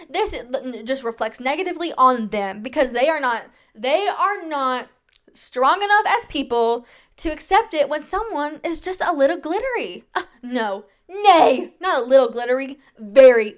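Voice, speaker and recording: A woman in her twenties hosting a podcast, telling stories from her own life in a chatty, self-mocking way with a sarcastic edge. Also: high voice. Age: 20s. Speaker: podcast host. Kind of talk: casual chat.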